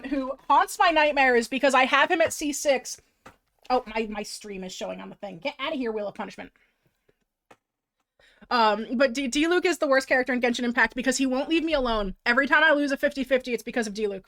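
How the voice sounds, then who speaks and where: A woman with a high, light voice talks to her livestream audience in a loose, chatty way. She mocks herself and swears casually as she goes. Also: fairly bright tone. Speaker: streamer.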